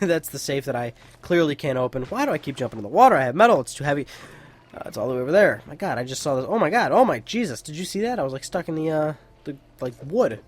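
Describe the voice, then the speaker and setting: A young man talks over his gameplay in a loose, rambling let's play commentary. He is chatty, drifts off on tangents and swears freely. His voice sits at an ordinary middle pitch. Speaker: gaming YouTuber.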